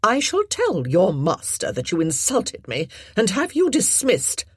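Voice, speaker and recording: A haughty older lady, cold and spiteful, with an icy, superior way of drawing out her words, as a woman narrator puts her on. The voice is husky and dry. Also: mid-range voice, huge pitch swings, unhurried, dry recording, voice pushed up, full character voice.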